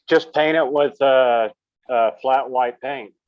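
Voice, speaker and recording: A man's voice: medium pitch, steady tone, takes it slowly. A man chatting on a casual stream with short, dry remarks. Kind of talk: casual livestream chat. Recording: dull, dry lo-fi audio.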